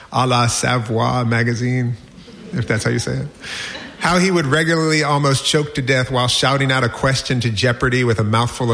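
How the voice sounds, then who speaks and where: A man in his forties reading a personal essay aloud with wry, lively storytelling. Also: medium pitch, vocal fry. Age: 40s. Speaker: narrator.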